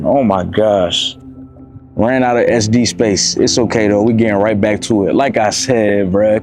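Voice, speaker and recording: A man's voice: on the low side, a little mellow. A man in his twenties from Miami giving a casual motivational talk to camera, preachy and repetitive, calling his listeners bro. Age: 20s. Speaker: motivational vlogger.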